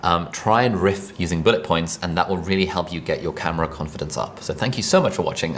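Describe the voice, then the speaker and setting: A man giving a conversational direct-to-camera tutorial on presenting, energetic and quick, recorded with a videographer. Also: sits low. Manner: fast, energetic, conversational delivery. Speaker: online video coach.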